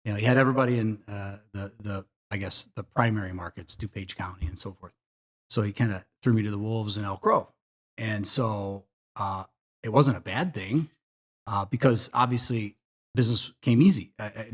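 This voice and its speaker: A middle-aged man with a fairly low voice talks casually as a podcast guest. He rambles through his story with many fillers and restarts. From Chicago area. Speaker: podcast guest, commercial real estate broker. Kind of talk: casual interview chat.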